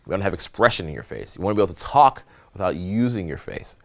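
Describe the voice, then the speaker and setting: A man coaching social skills at a live seminar, animated and demonstrative, often checking in with the room. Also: low-pitched, fast talker, gravelly.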